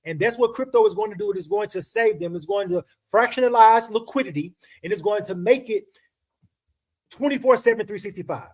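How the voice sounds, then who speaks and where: A man's voice: high-pitched, a little fast. A man hosting a casual crypto livestream, talking to viewers in slangy, emphatic chat and repeating words for stress. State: emotional, choked up.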